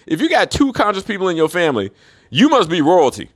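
A man's voice: high voice, very animated, brisk. A man in a rambling solo monologue, profane and mocking, who laughs often. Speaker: commentator.

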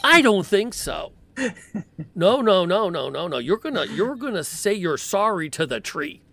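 Casting: a tough, touchy male elf with a Brooklyn accent, high and loud. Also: big pitch swings, a little slow, vocal fry, heavily acted. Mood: indignant. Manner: loud, scolding, high-pitched.

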